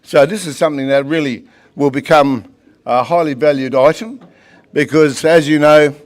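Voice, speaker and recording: A man with an Australian accent running a charity auction in a club hall, calling bids and joking with the crowd. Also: mid-range voice. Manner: jovial, teasing the crowd with "mate" and "darling". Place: large function hall in a club.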